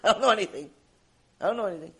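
Man playing a confused everyday working guy, stammering and flustered, higher-voiced. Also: very fast, pushed and bright, slightly rough, full character voice. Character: bewildered plain working man, middle-aged, flustered.

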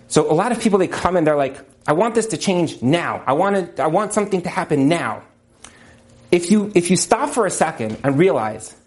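Male religious teacher, high voice, emphatic delivery that hammers key points home. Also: a little mellow. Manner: emphatic, repeats key points, acts out quotes. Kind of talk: motivational religious talk.

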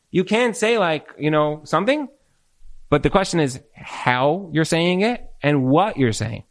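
A man answering marriage questions in a live Q&A, animated, full of restarts, acting out spouses' complaints. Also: fairly high pitch, normal speed. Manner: animated, repetitive restarts, acts out quoted spouses. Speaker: relationship speaker. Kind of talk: Q&A talk to a live group.

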